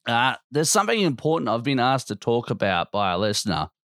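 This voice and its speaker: A man's voice: mid-range voice, very animated, a little fast, a bit bright, no room sound. A man hosting a podcast, ranting in a casual, blunt and constantly profane way. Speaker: podcast host.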